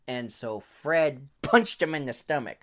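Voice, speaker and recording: A man telling an improvised children's story, playful, laughing often, swinging from hushed to loud. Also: mid-range voice, measured pace. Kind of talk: improvised bedtime story for kids.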